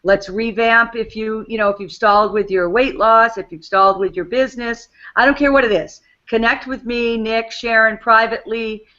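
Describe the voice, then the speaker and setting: A woman's voice: fairly high pitch, steady tone, normal speed, hardly any pauses, bright, forceful tone, highs cut off. A woman with a New England accent hosting a team call, upbeat and encouraging. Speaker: host.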